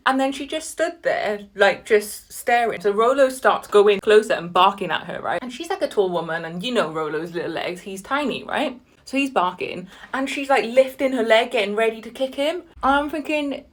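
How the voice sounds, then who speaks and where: An animated woman tells a story over her dinner in a mid-range voice. She leaps into high, exasperated outbursts and pauses to savor her food with soft murmurs. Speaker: vlogger. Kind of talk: casual storytelling while eating.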